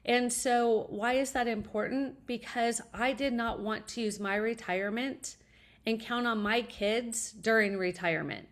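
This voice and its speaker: A woman's voice: fairly high pitch, fairly even intonation, unhurried. Upbeat, earnest middle-aged woman. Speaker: guest, college advisor. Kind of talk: interview answer, personal storytelling.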